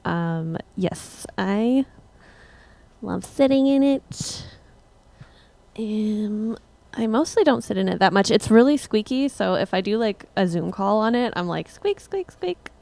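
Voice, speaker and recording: A young woman musician casually chatting with her livestream viewers between songs, relaxed and rambling. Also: medium pitch, unhurried, creaky. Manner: relaxed, rambling, laughs at herself.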